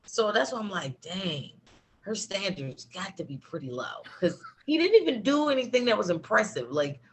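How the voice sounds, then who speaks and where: A woman telling a personal story in a casual chat, animated, laughing, with lots of fillers. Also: mid-range voice, moderate pace, breathy edge. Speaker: guest.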